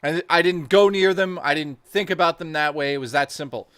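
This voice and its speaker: Dude on a stream telling raunchy stories, kinda high voice, really dry mic. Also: male voice, a little fast, no room sound. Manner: crude, animated storytelling. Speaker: stream co-host. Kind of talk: casual chat.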